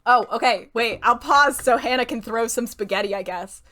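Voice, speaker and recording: A young woman streaming a game, reading the narration aloud and reacting excitedly in between. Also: fairly high pitch, normal speed.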